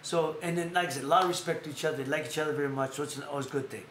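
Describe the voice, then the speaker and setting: A man with a high voice hosts a casual live stream. He talks at a rapid clip and acts out the people in his stories. The room is echoey, with faint noise. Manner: animated storyteller who acts out quotes in others' voices. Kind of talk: casual storytelling chat.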